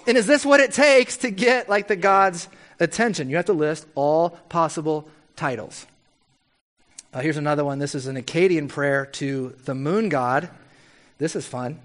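Wry, animated male preacher with a higher voice. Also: moderate pace. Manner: animated and playfully wry, with frequent tag questions. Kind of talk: conversational sermon.

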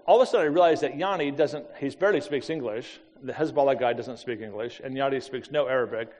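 A middle-aged man telling a personal story with lively energy, often laughing and acting out the voices of the people in it. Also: mid-range voice, fast talker. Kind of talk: animated storytelling talk. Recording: long hall reverb.

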